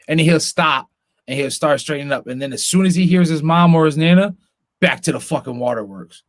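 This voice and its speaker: A man venting on a casual podcast, cursing freely and jumping into high mocking voices when he quotes his family. His voice sits on the higher side, and the sound is dry and close. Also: fairly quick, no room sound. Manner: profane, animated, mimics family members in high voices. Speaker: podcast co-host.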